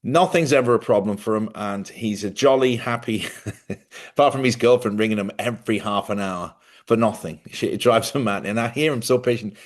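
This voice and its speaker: A man's voice: fairly low pitch, moderate pace. A middle-aged man, hosting a casual livestream monologue, a chatty storyteller who laughs often and acts out other people's voices. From Ireland. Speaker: livestream host.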